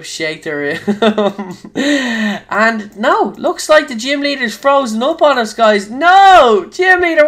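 A young Irish man giving excitable live commentary on his own gameplay, swinging between quiet muttering and loud shouts. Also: high voice. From Ireland. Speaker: gaming YouTuber.

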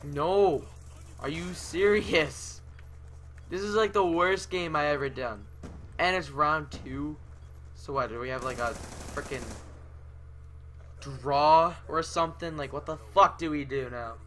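A young man giving profane, ranting commentary over his own gameplay, yelling at the game. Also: fairly high pitch, measured pace, pauses often, slight background noise. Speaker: gaming video creator.

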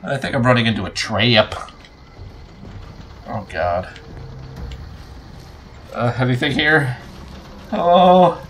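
A man's voice: medium pitch, slow, pauses often, a little hiss or hum. Jumpy, swearing gamer guy. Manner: excitable, swearing, yelping when startled. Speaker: let's play gamer. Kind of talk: casual gameplay commentary.

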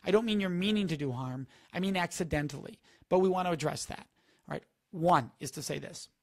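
High-voiced man giving emphatic advice. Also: brisk. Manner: emphatic, instructive, repeats key words. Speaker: speaker on preventing sexual assault, talking to a live audience. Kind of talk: earnest live-stream talk.

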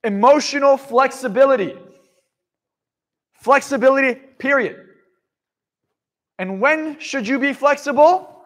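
Profane high-voiced male seminar speaker. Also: a little slow, long pauses. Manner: blunt, profane, swings from loud to hushed. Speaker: motivational speaker. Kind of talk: live motivational seminar talk.

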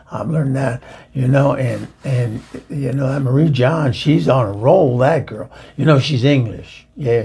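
This comedic character monologue features a man using an exaggerated voice to play a bawdy, talkative middle-aged woman who hosts the show and introduces a music video. His mid-range voice has vocal fry, a dark tone, and a breathy edge as she rambles and chuckles through gossip.

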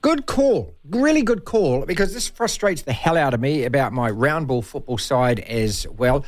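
A man's voice: mid-range voice, lively intonation, normal speed, no room sound. A man with a New Zealand accent hosting a sports radio show, teasing and opinionated. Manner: teasing, opinionated, laughs often. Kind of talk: casual radio sports chat.

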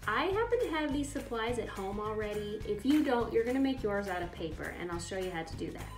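A woman teaching a children's Bible lesson, patient and kindly, often asking the children questions. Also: mid-range voice. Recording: echoey room.

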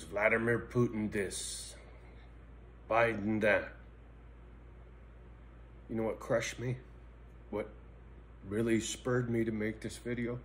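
A middle-aged man vlogging in a blunt, profane personal monologue that swings between angry ranting and quiet reflection. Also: lowish voice, steady tone, slow, long pauses, slight background noise.

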